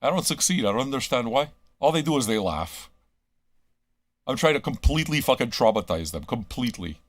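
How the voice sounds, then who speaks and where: A man's voice: mid-range voice, lively intonation, fairly quick, no room sound. A man hosting a live radio stream, ranting crudely at his listeners with constant swearing and rhetorical questions. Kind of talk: crude rambling monologue to chat.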